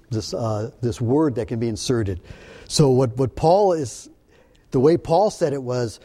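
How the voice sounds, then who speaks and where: A man's voice: mid-range voice, dark tone. A man preaching a Bible teaching in an earnest, explanatory way, often restarting his sentences. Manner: earnest, halting with repeated restarts. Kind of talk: sermon-style Bible teaching.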